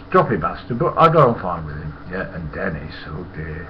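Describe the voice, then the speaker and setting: A man's voice: deep voice, lively intonation, fairly quick, few pauses, dull audio, a little hiss or hum. A man, a former lorry driver telling stories in a rambling, blunt and profane way. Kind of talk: casual storytelling monologue.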